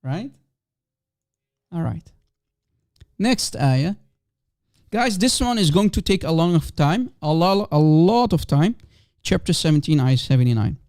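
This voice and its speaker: A man's voice: on the high side, sing-song, unhurried, pauses often, a little mellow, no echo, clean studio sound. A man whose first language is Aramaic hosts a live call-in stream, talking emphatically and repeating rhetorical questions to his audience.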